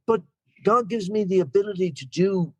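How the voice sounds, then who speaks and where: Older irish guy rambling on a call, kinda high voice, dead dry sound. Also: normal speed, breathy edge, dry recording. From Ireland. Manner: rambling, chatty, self-deprecating humor. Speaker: guest speaker. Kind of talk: recovery meeting share.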